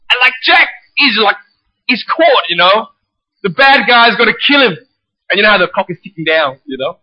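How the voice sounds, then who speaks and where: A high-pitched man preaching with fervor, his voice climbing to shouts and dropping back to earnest quiet. The sound is close and dry, a little dull and muffled. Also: normal speed, no echo. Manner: passionate, rising to shouts, with animated storytelling. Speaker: pastor. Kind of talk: sermon.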